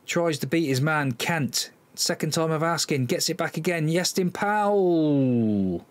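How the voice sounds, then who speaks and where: A fairly high, animated male voice at a slightly slow pace. He's from Cornwall, England, hosting a football management let's-play, giving live commentary with exasperated sighs and talking to his players.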